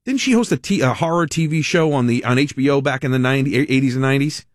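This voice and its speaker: This man hosts a talk radio show and delivers a casual monologue, riffing in a rambling, sardonic manner and laughing at his own jokes. His voice is mid-range and quick-paced. The studio sound is clean, with no echo.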